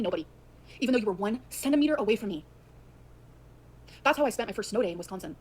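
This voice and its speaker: A woman livestreamer venting about a relationship in rapid, emphatic storytelling that repeats its lines. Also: mid-range voice, expressive, darkish tone, slightly rough.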